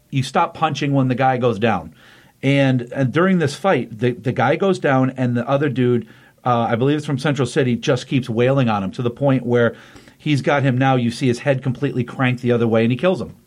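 A man's voice: mid-range voice, fairly quick. A man hosting a casual podcast, retelling a comic book plot with rambling enthusiasm and lots of fillers. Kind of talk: casual chat recapping a comic.

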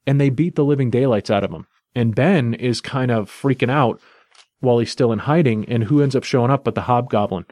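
A man's voice: mid-range voice, fairly quick, a little mellow, no echo, clean studio sound. A man casually recapping and reviewing a comic book in a chatty, enthusiastic, loosely told way.

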